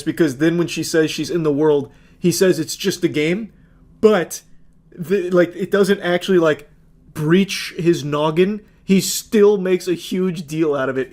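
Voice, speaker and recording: A man in his thirties giving sarcastic, profane, deadpan commentary while reading text messages aloud. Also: a little high. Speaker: commentary host.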